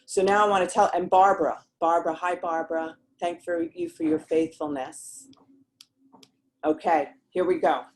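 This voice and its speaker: A woman's voice: on the low side, fairly even intonation, moderate pace, a little hiss or hum. A woman hosting a live-streamed motivational talk for a women's group, earnest and rambling, who reads viewer comments aloud and presses her points with rhetorical questions.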